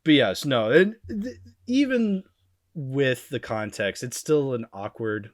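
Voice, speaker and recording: A man's voice: mid-range voice, animated, slow pace, dry recording, clean studio sound. A man chatting casually on a podcast about old cartoons, laughing often and restarting his sentences. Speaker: podcast panelist.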